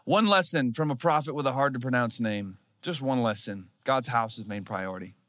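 A man in his thirties preaching a sermon, telling a story with animated, self-mocking humor. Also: mid-range voice, moderate pace, no room sound, clean studio sound. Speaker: pastor.

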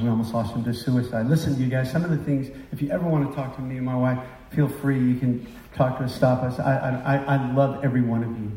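A middle-aged male preacher delivers a confessional, emotional sermon that swells into impassioned outbursts. His voice is mellow and warm. It is picked up from a distance in an echoing room. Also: mid-range voice, slight background noise. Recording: roomy sound from a distance.

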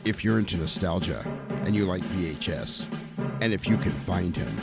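A man's voice: low voice, expressive, normal speed, vocal fry, over loud music. A man hosting a podcast, reading a scripted intro with a wry, tongue-in-cheek delivery. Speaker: podcast host. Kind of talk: scripted narration.

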